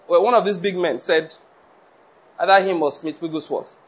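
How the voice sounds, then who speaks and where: A man's voice: high-pitched, moderate pace. A man preaching a sermon, reading scripture aloud and explaining it in an earnest, conversational way with asides. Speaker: pastor.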